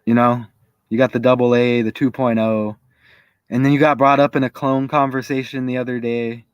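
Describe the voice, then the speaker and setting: A man's voice: medium pitch, little pitch movement, moderate pace, clear, resonant tone, no echo, dull audio. A man giving casual commentary to his viewers, chatty and thinking aloud as he goes. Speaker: video creator.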